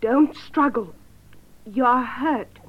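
An actress playing an anxious young woman, speaking clearly and slowly for learners, on a dull lo-fi tape. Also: a little high. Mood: tense. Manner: clear, slow learner-friendly delivery.

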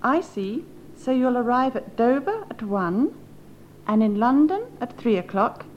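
An actress playing a fussy, doting wife who keeps asking questions. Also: female voice, on the high side, sing-song, unhurried, darkish tone. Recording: dull lo-fi tape with faint hiss.

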